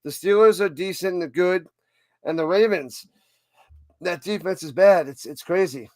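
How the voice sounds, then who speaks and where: A man's voice: high voice, measured pace, no room sound. A man hosting a live stream, chatting casually about football in a rambling, self-interrupting way. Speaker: livestream host.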